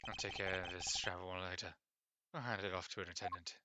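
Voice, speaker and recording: A man voicing a stern, proud male prosecutor in game dialogue, brooding and measured, with game music behind. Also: deep voice, fairly even intonation, noisy background, pitched below the performer's own voice, natural voice. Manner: measured, brooding inner monologue.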